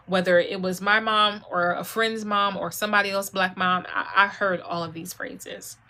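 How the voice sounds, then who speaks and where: Bright-voiced woman coaching on a live stream. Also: mid-range voice, gravelly. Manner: direct, coaching, addresses viewers as y'all; conversational, drops into quoted mom voices. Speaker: etiquette and self-esteem coach. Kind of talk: live-stream talk to viewers.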